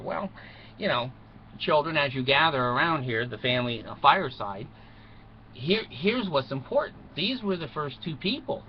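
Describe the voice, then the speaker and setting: A man telling a mock bedtime story to children in a folksy, rambling way, full of chuckles and asides. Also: a little high. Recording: muffled recording with faint noise.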